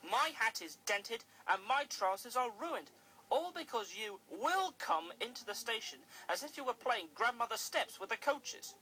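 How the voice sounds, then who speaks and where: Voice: medium pitch, huge pitch swings, unhurried, bright, forceful tone, slight background noise, pitched above the performer's own voice, exaggerated voice. Narrator doing a pompous cross railway boss. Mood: cross scolding. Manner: cross, scolding, emphatic.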